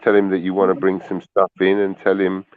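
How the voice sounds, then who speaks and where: A man's voice: low voice, monotone, brisk, no echo. A man with a London accent chatting casually, often repeating words as he searches for the next one. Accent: London English. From London, England. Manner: chatty, repeats words while finding them. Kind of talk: casual chat. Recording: tinny phone line with faint hiss.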